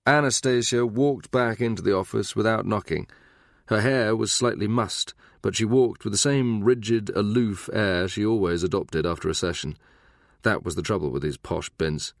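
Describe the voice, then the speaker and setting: A man narrating a thriller audiobook in an even, measured way. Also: low voice, dry recording, clean studio sound. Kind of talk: scripted narration.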